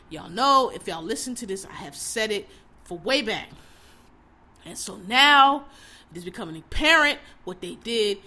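A woman's voice: medium pitch, pushed and bright, slightly rough. A woman hosting her own podcast, ranting in a heated, profane, blunt way. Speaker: podcast host. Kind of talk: casual podcast rant.

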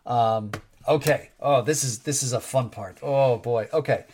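A man's voice: mid-range voice, slow pace, darkish tone, slight background noise. Rambling, wry man on a podcast. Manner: rambling, wry, self-interrupting. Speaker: podcast co-host. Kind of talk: casual chat.

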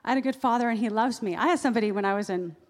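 A woman pastor giving a sermon in a church, lively and acting out the voices she quotes. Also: fairly high pitch, racing. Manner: animated, acts out quoted voices. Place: church sanctuary. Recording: long reverb of a large hall.

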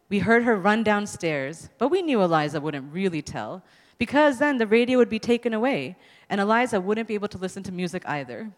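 Woman author, live story reading, animated pitch, long hall reverb. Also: brisk. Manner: expressive, amused, laughs between lines. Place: public event hall.

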